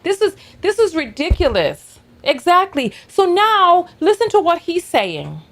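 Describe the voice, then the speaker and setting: A woman's voice: extremely high pitch, very animated, unhurried, fairly bright tone. A woman hosting a reaction commentary, talking in an indignant, exasperated way. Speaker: commentary host.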